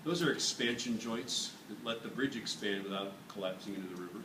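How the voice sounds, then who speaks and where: A joking male physics teacher demonstrates to his class, voice caught from across an echoey room. Steady noise sits under him. He talks at an average pitch. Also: a little fast. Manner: playful, jokey, energetic demonstrator. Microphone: camera at a distance. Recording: echoey classroom from far off, noisy.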